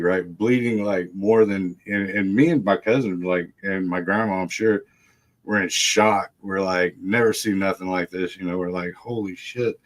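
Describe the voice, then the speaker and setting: A man's voice: on the low side, fairly bright tone. A man telling a wild family story in casual chat, laughing often, swearing freely and mimicking the people he quotes. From Texas. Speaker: guest storyteller.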